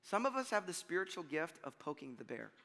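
Bright, high-voiced preacher in a hall. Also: male voice, big pitch swings, brisk, vocal fry. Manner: conversational, storytelling with self-deprecating laughs. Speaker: pastor. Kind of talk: sermon.

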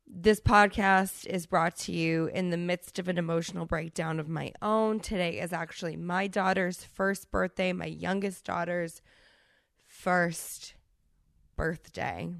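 A woman's voice: fairly low pitch, fairly even intonation, unhurried, gravelly, fairly bright tone, no room sound, studio quality. A woman in her thirties hosting a solo podcast, talking candidly with a stuffy, congested voice and frequent restarts. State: congested from a cold. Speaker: podcast host.

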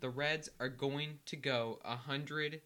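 A young man co-hosting a casual sports chat, an animated storyteller who loudly mimics yelling fans. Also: medium pitch, slow. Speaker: co-host.

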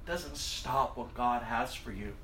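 A man preaching a sermon, acting out scripture with big swings from loud to hushed. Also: medium pitch, takes it slowly, reverberant, a little hiss or hum.

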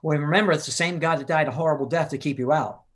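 A man's voice: a little high, quick pace, fairly bright tone. An older man earnestly telling a personal testimony in an interview, urgent and acting out the people he quotes. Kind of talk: earnest storytelling in a live-streamed interview.

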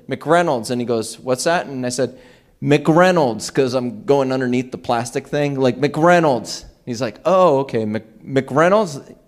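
A man preaching a sermon as pastor, telling lively personal anecdotes and acting out the dialogue. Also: mid-range voice. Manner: animated anecdotes with acted-out dialogue. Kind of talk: conversational sermon storytelling.

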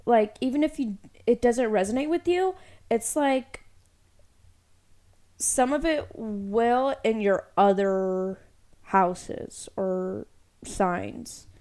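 A woman's voice: on the high side, takes it slowly, pauses often, darkish tone. A young woman co-hosting a casual podcast, chatting and reading an astrology chart aloud, leaning heavily on "like" between phrases. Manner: chatty, heavy use of "like". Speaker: podcast co-host.

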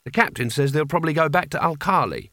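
A man voicing a sharp-tongued young woman warrior who speaks bluntly and sounds exasperated. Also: fairly high pitch, expressive, fast talker, no room sound, studio quality.

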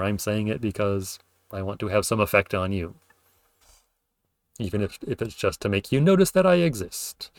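In this spoken lecture, a man with a lowish voice and no room sound explains linguistics for his podcast, full of fillers and self-corrections. He playfully performs example sentences with his intonation.

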